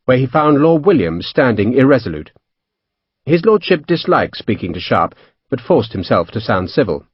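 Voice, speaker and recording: A man narrating an audiobook in an expressive storytelling manner. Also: mid-range voice, slightly rough, no room sound, lo-fi sound. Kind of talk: scripted narration.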